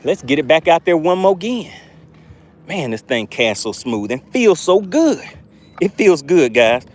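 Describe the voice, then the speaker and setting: Hyped-up guy on a boat streaming his fishing, voice jumps all over, kinda high. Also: measured pace. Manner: excitable, exclamatory, reads chat aloud. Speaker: fishing livestream host. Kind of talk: live fishing stream commentary. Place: on a boat outdoors.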